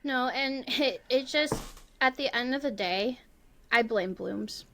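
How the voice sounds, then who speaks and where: A woman's voice: on the high side, slow pace, pushed and bright. A woman in her thirties co-hosting a casual podcast, talking in a blunt, emphatic way. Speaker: podcast co-host.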